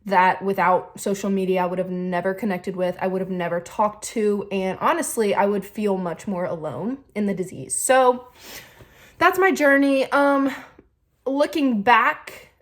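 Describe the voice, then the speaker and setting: Young woman, casual storytime vlog, fast chatty talk with ums and likes, recorded on a phone. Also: medium pitch. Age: 20s. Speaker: YouTuber. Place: home kitchen, seated by the fridge. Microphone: phone camera.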